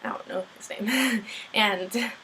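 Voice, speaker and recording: A woman's voice: mid-range voice, slow, sharp tone, slight background noise, low-quality recording. A young woman recapping a TV episode in a loose, rambling vlog, full of fillers and casual swearing. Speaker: show recapper.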